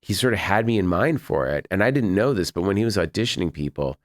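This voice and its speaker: Low-voiced man telling film stories. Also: animated, fast, no echo, clean studio sound. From Boston, USA. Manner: rambling storyteller who acts out quoted people. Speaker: guest, film director. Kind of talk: casual podcast interview.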